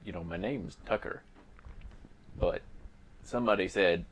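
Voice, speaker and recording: A man's voice: deep voice, measured pace, a bit bright, slight background noise. A man from Tennessee playing a tabletop game, rambling and repeating words as he chats. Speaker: player. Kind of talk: casual tabletop chat.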